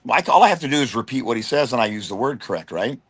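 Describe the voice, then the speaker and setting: A middle-aged man from the United States, a wrestler guest telling stories in an animated, slangy way and slipping into quick impressions. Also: medium pitch, breathy edge. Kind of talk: casual storytelling chat.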